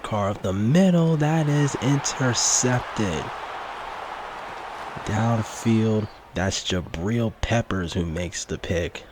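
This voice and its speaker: A man giving casual play-by-play commentary over his football video game, rising with excitement on big plays. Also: low-pitched, noisy background. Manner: mock sportscaster play-by-play, lively on big plays. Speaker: gaming YouTuber.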